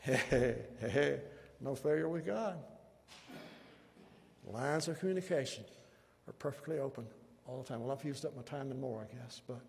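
Gravelly preacher in a reverberant church. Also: male voice, mid-range voice, moderate pace, pauses often, a little mellow. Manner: fervent, drops to a whispered prayer. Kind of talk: sermon and altar-call prayer. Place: church sanctuary.

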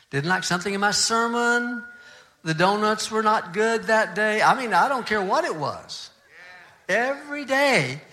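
An older pastor tells a story from the pulpit, lively in some moments and hushed almost to a whisper in others. His voice is bright and forward, sitting a little high for a man. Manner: animated storyteller, drops to soft near-whisper in quiet moments. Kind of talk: sermon storytelling.

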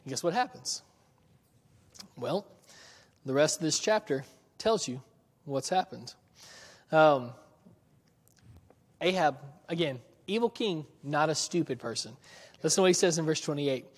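Male preacher, slightly higher voice, chatty, chuckles often, reads scripture with acted-out voices, long hall reverb. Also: lively intonation. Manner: conversational, asks the audience questions, chuckles often; slows down and acts out the biblical characters' lines. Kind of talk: sermon with scripture reading.

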